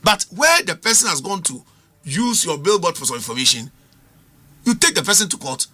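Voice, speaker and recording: This middle-aged Ghanaian panelist on a political talk show has a high, bright, pushed voice and speaks at a normal speed with great animation. He argues emphatically, switching between languages and leaning on rhetorical questions.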